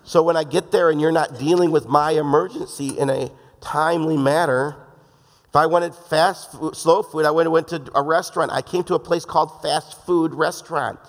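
A male pastor with a fairly high voice preaches in a loose, joking style and slips into the voices of the people he quotes. His voice rings out with a long reverb, as in a large church hall. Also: steady tone, normal speed. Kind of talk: sermon.

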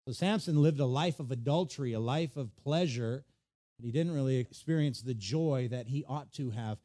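A man preaching a sermon, retelling a story with animated storytelling and acted-out voices. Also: medium pitch, moderate pace. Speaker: pastor.

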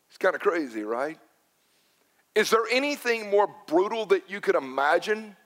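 A man's voice: high-pitched, a bit bright. A middle-aged man preaching a sermon, emphatic, often repeating his words for stress. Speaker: pastor. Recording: long hall reverb.

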